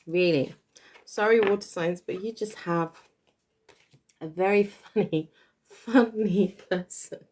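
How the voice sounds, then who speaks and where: Woman, card reader, casual chat, giggly, warm mellow tone. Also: mid-range voice. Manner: chatty, giggles often. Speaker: tarot reader. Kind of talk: casual card reading to viewers.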